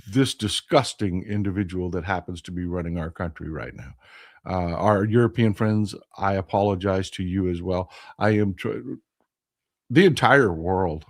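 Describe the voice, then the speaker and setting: A man's voice: on the low side, moderate pace. A man hosting a casual political livestream, talking in a rambling, impassioned, folksy way. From Texas. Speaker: live stream host.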